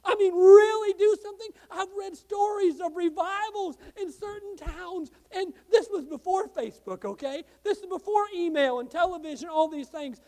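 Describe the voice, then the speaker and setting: A pastor preaches with real passion, his fairly high voice dropping to a hush for the tender moments. Then it rises into loud, urgent appeals. He is a man telling a story from the pulpit. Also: lively intonation, moderate pace, hardly any pauses. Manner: impassioned preaching, swings from hushed to loud. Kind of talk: sermon.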